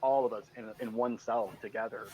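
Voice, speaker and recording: A man's voice: on the low side, steady tone, fairly quick, darkish tone, poor audio. A man telling stories in a casual interview, rambling with many "you know" fillers and acting out what others said, from Michigan. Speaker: guest.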